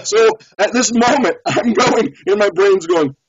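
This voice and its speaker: A man's voice: high-pitched, unhurried, noisy background. A man guesting on a show, telling a story in a casual, laughing way. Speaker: beekeeper guest. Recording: dull lo-fi audio.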